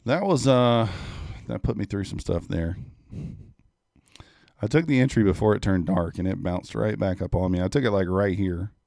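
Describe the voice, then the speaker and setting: A man's voice: fairly low pitch, normal speed, vocal fry, darkish tone, no room sound, studio quality. A man in his thirties giving laid-back casual commentary on a live trading stream, talking to chat viewers. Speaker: livestream day trader.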